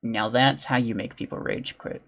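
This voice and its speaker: A man's voice: medium pitch, fairly even intonation, moderate pace, a bit bright. Chatty male gaming streamer. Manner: chatty, reads and answers chat, mutters during play. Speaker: gaming livestreamer. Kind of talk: casual live-stream chat while playing.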